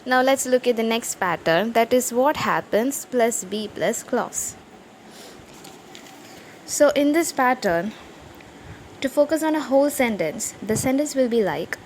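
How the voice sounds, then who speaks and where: A woman with a slightly high voice explains English grammar slowly and deliberately. She reads example sentences aloud with care. A faint hiss of noise sits under the recording. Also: lively intonation, rough recording. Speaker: grammar teacher. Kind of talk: slow explanatory grammar lesson.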